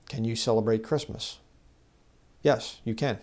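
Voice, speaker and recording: Guy preaching casual bible study, chatty, gets louder reading verses. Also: mid-range voice, steady tone, fairly quick. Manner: conversational, rises loud when reading scripture; mocks legalists in put-on voices. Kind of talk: informal bible teaching.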